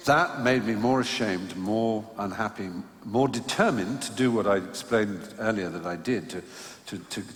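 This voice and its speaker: Man, live stage raconteur, wry and self-mocking, lowish voice, roomy theatre reverb. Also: fairly bright tone. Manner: wry, self-mocking, halting anecdotal delivery. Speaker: stage guest telling anecdotes. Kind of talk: live storytelling conversation. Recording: echoey hall, live venue ambience.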